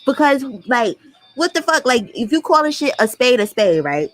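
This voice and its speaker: A woman vlogger giving blunt, profane reaction commentary in a fast, ranting way. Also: on the high side, sing-song.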